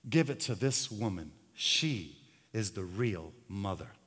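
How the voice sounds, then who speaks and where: A man voicing a wise ancient king who slowly delivers a solemn judgment. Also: on the low side, animated, a bit bright, slightly rough, voice pushed down, heavily acted. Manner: slow, solemn. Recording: long hall reverb.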